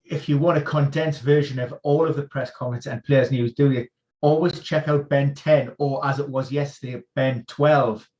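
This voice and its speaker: A man acting as an injury expert, running through football team news on a live stream in a quick, informed rundown. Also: medium pitch, steady tone, darkish tone, dull audio. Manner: informed, rapid-fire rundown of player news. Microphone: video call.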